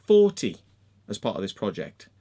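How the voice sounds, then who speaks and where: English man, angry vlog rant, lots of swearing, voice swings high and low. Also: wildly swooping pitch, normal speed, mellow. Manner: sweary, heated, repeats "yeah?" and "right?". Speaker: video blogger. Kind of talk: angry ranting monologue.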